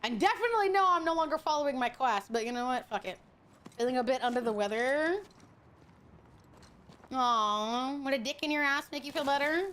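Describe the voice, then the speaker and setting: A woman's voice: high-pitched, lively intonation, fairly quick, fairly bright tone. A young woman from Hawaii streaming a game and reading chat aloud. She talks in a brash, profane, teasing way and laughs often. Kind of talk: casual gaming livestream, reading chat.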